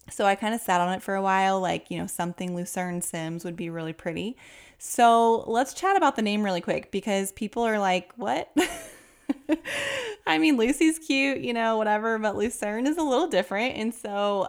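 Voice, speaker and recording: A woman in her thirties, a podcast host, telling a personal story to her listeners in a chatty way, laughing often. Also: mid-range voice. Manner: chatty, laughing, animated when quoting others.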